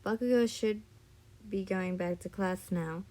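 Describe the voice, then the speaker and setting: A woman voicing an excitable, easily flustered female teacher in a read-aloud fan story. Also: medium pitch, measured pace, close to an everyday voice. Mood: calm.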